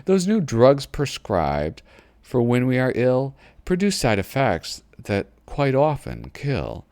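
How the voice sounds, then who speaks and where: A man's voice: medium pitch, huge pitch swings, slow pace, darkish tone, dry recording, studio quality. Giggly man leafing through a magazine. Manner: chatty, giggly, easily sidetracked. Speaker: host. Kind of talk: casual commentary while flipping through a magazine. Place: home computer desk.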